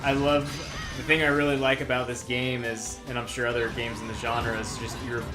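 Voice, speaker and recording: Mid-pitched guy rambling about games, laughs a lot, game music going behind. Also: completely flat delivery, brisk. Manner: rambling, laughs often, frequent "you know" fillers. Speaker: let's play co-host. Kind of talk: casual post-game commentary chat.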